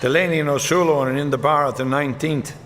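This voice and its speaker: A male Irish comedian with a fairly high-pitched voice tells jokes live in a hall. He keeps a deadpan delivery and swaps quickly between characters. The reverberant recording carries audience noise and laughter.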